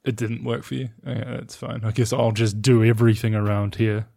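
A man co-hosting a loose, casual podcast at a home mic. He laughs a lot and teases his co-host, swearing playfully as he goes. His pitch sits right in the middle of the range. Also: level tone, fairly quick, vocal fry, warm tone.

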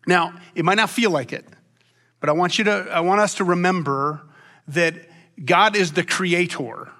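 A pastor delivers a sermon from the pulpit in a long-winded, animated style, frequently restarting his sentences. His fairly high voice is bright and forceful, and he speaks at normal speed.

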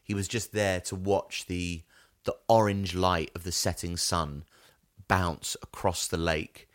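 A man's voice: deep voice, steady tone, measured pace, fairly bright tone. A man co-hosting a comedy podcast, rambling through silly bits and putting on voices. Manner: rambling, puts on silly voices, laughs often. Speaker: podcast co-host. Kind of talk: comic improvised chat.

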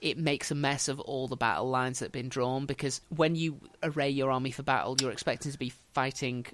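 A man recounting history in a relaxed, chatty way, slipping in wry jokes as he goes. His voice sits at an everyday middle pitch. The recording is dry and close, with no room echo. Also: a little fast. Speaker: history podcast host. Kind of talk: casual storytelling chat.

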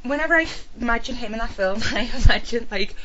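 A woman trades sarcastic, sweary remarks on a casual podcast. The recording sounds dull and lo-fi, and a crowd can be clearly heard in the background. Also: a little high, lively intonation, quick pace. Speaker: podcast co-host.

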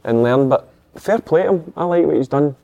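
A man's voice: on the high side, expressive, moderate pace, gravelly, warm tone. A Scottish man giving blunt football opinions in a casual chat. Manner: plain-spoken, blunt opinions. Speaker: football pundit.

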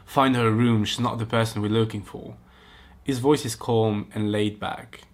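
A man's voice: lowish voice, steady tone, moderate pace. A man hosting a podcast, reading a romance story aloud and breaking off into giggly, mocking comments. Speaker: podcast host. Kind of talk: comic reaction reading.

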